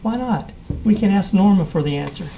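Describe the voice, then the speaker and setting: A jittery, pleading young schoolboy, as a male reader puts him on at a live reading. His voice rides high and anxious. The tone stays soft and mellow. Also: expressive, fairly quick, gravelly, slight background noise. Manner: pleading, rising voice.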